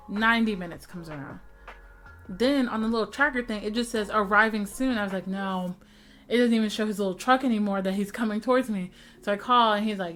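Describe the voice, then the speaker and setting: A young woman vlogger casually retelling a frustrating day, acting out the dialogue with lively, dramatic delivery. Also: mid-range voice. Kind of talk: casual storytelling chat.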